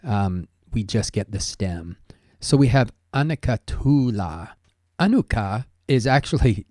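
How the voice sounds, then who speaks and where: A man teaching an ancient language in a measured, scholarly way, thinking aloud with small pauses as he explains each word. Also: on the low side, mellow, no room sound, clean studio sound. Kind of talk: explanatory lesson monologue.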